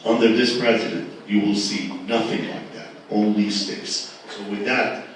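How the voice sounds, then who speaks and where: Guy running a panel, low voice, keeps hammering his point, far off in a big echoey room with noise around. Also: moderate pace. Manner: forceful, repetitive, rhetorical questions. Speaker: panel moderator. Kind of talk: emphatic panel remarks at a live event. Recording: echoey hall from far off, noisy.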